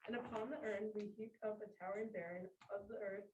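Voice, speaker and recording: A woman reading the part of a messenger who tells a queen grim news, in a classroom play reading, with a plain, steady read-aloud delivery. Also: medium pitch, fast, lo-fi sound, heavy background noise, lightly acted. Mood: grave. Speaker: student reader. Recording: echoey room, far from mic.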